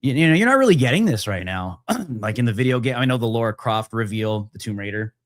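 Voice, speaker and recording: A man chatting as a guest on a casual podcast, excited and rambling with many restarts. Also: mid-range voice, fast talker, no echo, studio quality.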